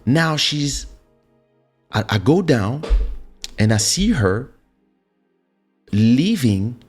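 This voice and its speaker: A male show host excitedly telling a personal story into a studio microphone, repeating words and restarting as he goes. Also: medium pitch, very slow, slightly rough, soft background music. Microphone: studio USB microphone.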